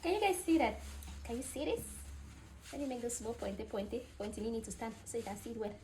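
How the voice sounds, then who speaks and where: A woman hosting an unboxing vlog, talking in excitable, gushing exclamations. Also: a little high, fast, a little hiss or hum. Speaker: vlogger.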